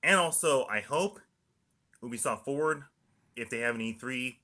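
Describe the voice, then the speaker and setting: A young man rambling through a monologue, filling the pauses with "mm-hmm" and "and also". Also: mid-range voice, bright, forceful tone. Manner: repetitive, punctuated by "mm-hmm" and "and also". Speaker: video diarist.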